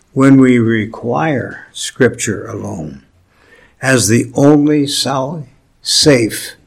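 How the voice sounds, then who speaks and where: A male pastor delivering a sermon at an unhurried pace, leaning on key words with deliberate pauses. His voice sits at an ordinary middle pitch, and he slips in gentle humor between points. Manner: slow, deliberate preaching with emphatic pauses and light humor.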